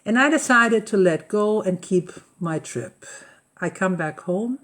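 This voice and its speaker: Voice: medium pitch, expressive, unhurried, fairly bright tone. Chatty host rambling through daily-life stories, keeps hunting for words. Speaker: host of a live coffee-and-talk session. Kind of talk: casual personal storytelling. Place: lives on a rural estate in Mallorca.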